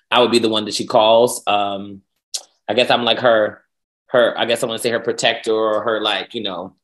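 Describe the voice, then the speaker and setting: A man's voice: lowish voice, a bit bright. A young man co-hosting a casual chat, telling a personal story with emotion and playful sass. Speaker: podcast co-host.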